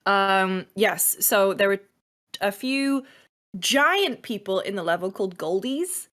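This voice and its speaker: A woman chatting as a podcast guest in a lively, loose way, swearing freely and pitching games with enthusiasm. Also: takes it slowly. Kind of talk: casual podcast chat.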